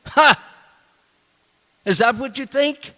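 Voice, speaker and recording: Man acting out an indignant shouting king. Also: very high voice, takes it slowly, big-room sound, pitched above the performer's own voice, exaggerated voice. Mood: furious. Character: proud angry young king, thirsty and insulted.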